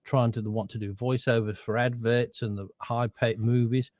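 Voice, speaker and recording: A man chatting casually, talking things through with quick restarts. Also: medium pitch, level tone, a little mellow, no echo. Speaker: co-host, voiceover worker. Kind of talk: casual chat.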